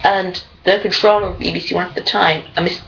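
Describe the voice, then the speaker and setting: A woman's voice: fairly low pitch, fairly even intonation, a little fast, vocal fry, fairly bright tone, slight background noise. A woman ranting in a casual, digressive monologue as a fan commentator. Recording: dull lo-fi recording.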